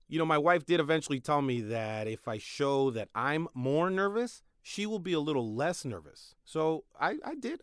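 Young male podcast host, mid-pitched, dry close sound, wry comic delivery with sudden loud bursts. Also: no echo. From Mexican-American. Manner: sarcastic, joking, swings from loud to mumbled asides. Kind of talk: comedic monologue.

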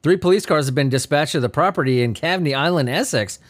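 A man hosts a podcast of casual comedic news commentary, reading odd stories in a giddy, sleepy, laughing way. He swears freely and talks quickly in a slightly high voice.

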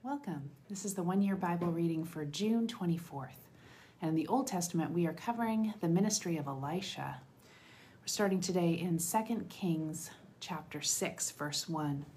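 A woman giving a devotional scripture reading in an earnest, measured way. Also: on the low side, mellow. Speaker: Bible reader.

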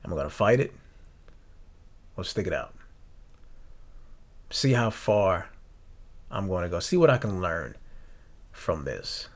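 A young man hosting a podcast, talking earnestly and reflectively, often halting and restarting his sentences. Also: low voice, very animated. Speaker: podcast host. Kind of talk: reflective personal talk.

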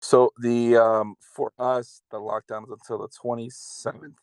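A man's voice: medium pitch, little pitch movement, a little slow, darkish tone, clear, resonant tone, no room sound. A man from California ranting in casual, heavily profane chat over a video call. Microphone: video call over the internet.

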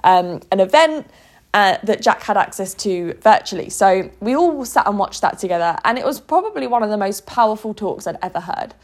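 A woman's voice: mid-range voice, expressive, brisk. A woman talking to camera in an earnest, emotional vlog monologue, often restarting her sentences. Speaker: vlogger.

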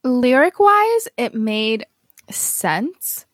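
A woman's voice: a little high, sing-song, extremely slow, no echo. Young woman on a podcast, snarky and loose, dry close mic. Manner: casual, sarcastic asides, filler-heavy. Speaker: podcast co-host. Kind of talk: casual chat.

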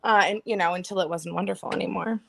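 A woman's voice: lowish voice, steady tone, quick pace, vocal fry, a loud crowd. A woman guest in an interview, earnestly describing herself and her experience. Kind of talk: casual interview.

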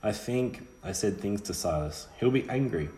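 A man voicing an earnest, quiet boy raised in a graveyard, in an audiobook. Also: fairly low pitch, animated, moderate pace, reverberant, a little hiss or hum.

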